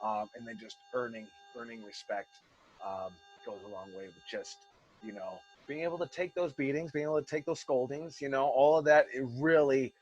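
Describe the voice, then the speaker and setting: A wrestling school's head coach talks to his students on a video call, rambling with passion and cursing freely. His medium-pitched voice comes at a normal pace, with the highs cut off and faint music behind him.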